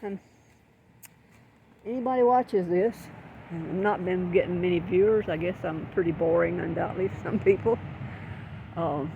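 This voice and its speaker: A woman's voice: on the low side, moderate pace, vocal fry, long pauses, narrow, tinny audio, a little hiss or hum. An older woman with a Southern US accent, talking casually in a folksy, rambling way while filming her backyard garden. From Southern United States. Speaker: garden vlogger.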